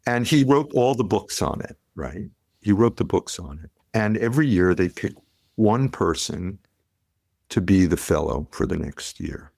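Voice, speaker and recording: Middle-aged man, gravelly low voice, lively yarn-spinning guest, dry close mic. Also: unhurried, no room sound. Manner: animated storyteller, acts out quotes. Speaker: podcast guest, pediatrician. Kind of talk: conversational storytelling.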